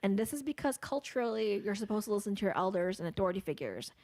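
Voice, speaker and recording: Young woman, podcast co-host, casual and blunt, swears a lot, mid pitch, dry close sound. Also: expressive, fast, a little mellow, no echo. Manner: blunt, swears freely, explains the facts. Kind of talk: casual true-crime chat.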